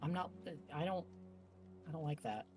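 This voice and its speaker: A man playing a co-op game, chatting casually with quick, excitable reactions and the odd swear when surprised. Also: on the high side, music in the background. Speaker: player in a co-op game. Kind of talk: casual gameplay chat.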